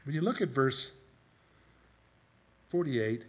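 A man's voice: mid-range voice, expressive, slow pace, breathy edge. A middle-aged man preaching a conversational sermon, asking his congregation questions and telling personal stories. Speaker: pastor.

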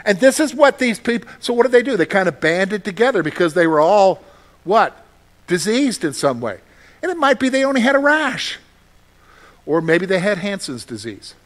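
A man's voice: sits high, big pitch swings, moderate pace. A man preaching a sermon as pastor, talking conversationally, repeating phrases and putting questions to the congregation.

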